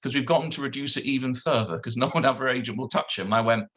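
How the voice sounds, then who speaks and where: A man, a solicitor, telling a lively anecdote on a video call and acting out the other people in it. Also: mid-range voice, quick pace. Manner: animated storyteller acting out dialogue. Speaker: guest solicitor.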